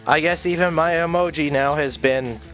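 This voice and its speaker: A man's voice: fairly high pitch, fairly even intonation, normal speed, a bit bright, faint music behind. A man hosting a stream, chatting casually in a rambling, sweary way and laughing often. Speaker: streamer host. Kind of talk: casual chat.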